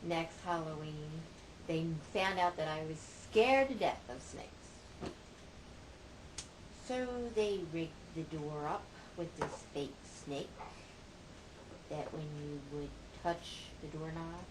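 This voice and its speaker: A woman's voice: low voice, slow pace. A middle-aged woman, a mother, casually telling family stories in a chatty, playful, self-mocking way. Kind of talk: casual storytelling monologue. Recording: amateur recording with audible background noise.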